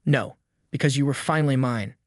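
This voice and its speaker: A man's voice: mid-range voice, brisk, no room sound, studio quality, natural voice. A man voicing a manipulative middle-aged mother who guilt-trips her grown daughter with pleading words. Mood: cold.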